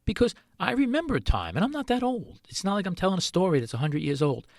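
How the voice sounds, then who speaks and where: A man's voice: high voice, big pitch swings, fast, creaky, a little mellow, no echo, studio quality. A middle-aged man, a chef hosting his own podcast, talking earnestly in a solo monologue full of rhetorical questions.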